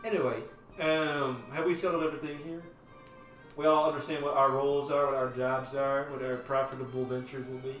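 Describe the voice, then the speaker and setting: A game master voicing a greedy, smug company boss in a tabletop game, with a put-on drawl and a folksy, bossy, teasing manner. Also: male voice, medium pitch, little pitch movement, a little fast, a bit bright, close to an everyday voice. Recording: roomy and distant, music behind.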